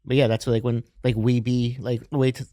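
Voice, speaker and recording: A man co-hosting a podcast, chiming in casually with quick questions and lots of fillers. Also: medium pitch, level tone, mellow, no echo. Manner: quick interjections, laughs often, many fillers. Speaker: podcast co-host.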